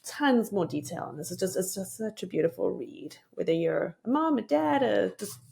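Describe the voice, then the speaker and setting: A woman's voice: medium pitch, animated, normal speed, gravelly, a little mellow. A woman host closing an interview with enthusiastic praise for her guest's book. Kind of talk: friendly interview wrap-up.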